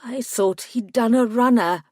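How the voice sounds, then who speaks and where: A woman voicing a prickly male gremlin solicitor who talks in a sharp, scornful, clipped way. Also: fairly high pitch, unhurried, no room sound, studio quality, pitched above the performer's own voice. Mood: stunned.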